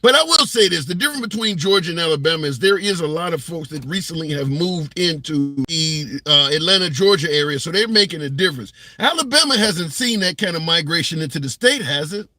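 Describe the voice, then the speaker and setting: A man's voice: a little high, expressive, brisk, hardly any pauses, pushed and bright. A man hosting a political talk show, talking it over casually and hedging as he thinks aloud. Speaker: host.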